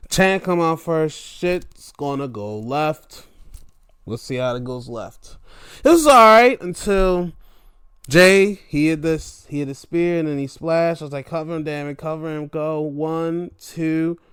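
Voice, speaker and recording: A man hosting a casual solo show, reviewing wrestling events in animated, profane, exasperated rants. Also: fairly high pitch, slow, clean tone, no room sound, clean studio sound.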